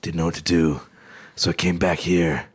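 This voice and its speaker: A man mocking a gruff, flat-voiced male monster hunter from a video game, talking low and clipped. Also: normal speed. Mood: deadpan gruff.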